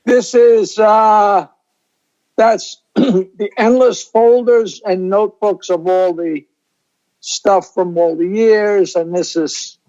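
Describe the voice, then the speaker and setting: An older comedian guest on a video call, telling stories in a rambling, self-interrupting way. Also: male voice, high-pitched, darkish tone, muffled recording.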